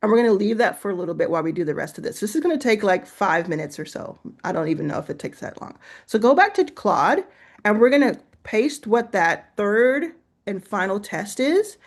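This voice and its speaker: A woman's voice: mid-range voice, big pitch swings, fairly quick. A woman hosting a casual screen-share tutorial, chatting and reacting as she goes, laughing to herself while she types and reads aloud. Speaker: host.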